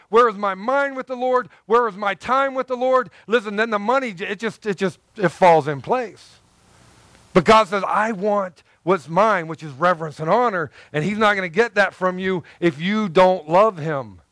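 A man preaching a sermon in a high, smooth, clear voice. He is a pastor who talks to his listeners in a loose, animated way, repeating phrases and acting out little asides. The sound is dry and close. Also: normal speed, no room sound. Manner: animated, conversational preaching with repetitions and acted asides.

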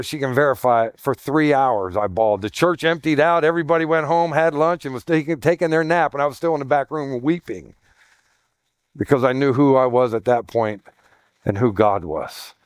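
A man's voice: medium pitch, dry recording. A middle-aged male pastor giving a conversational sermon, emphatic, repeating his points and dropping folksy asides.

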